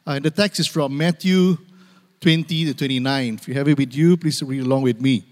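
A man's voice: mid-range voice, brisk, darkish tone. Male preacher in a reverberant hall. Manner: preaching with call-and-response, repeating phrases for emphasis. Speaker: pastor. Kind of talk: sermon. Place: church sanctuary.

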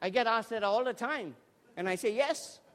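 A man preaching a lively, humorous sermon in a large church hall, joking with the congregation and urging them to respond. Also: high voice, fairly quick. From Scotland. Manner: energetic, jokey, urges the crowd to respond. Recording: long hall reverb in a church.

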